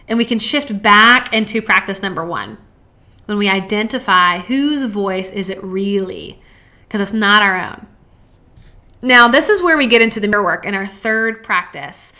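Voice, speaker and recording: A woman hosting a self-help podcast, talking earnestly, slowing down to stress key phrases and posing strings of rhetorical questions. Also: mid-range voice, animated, pushed and bright. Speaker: podcast host.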